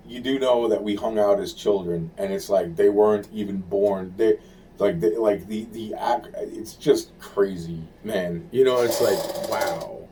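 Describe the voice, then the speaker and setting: A man with a very low, dark voice rambles through a monologue. He repeats himself, swears often and trails off mid-thought. A faint hiss sits under the recording. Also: unhurried. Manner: rambling, repetitive, profane, searching for words.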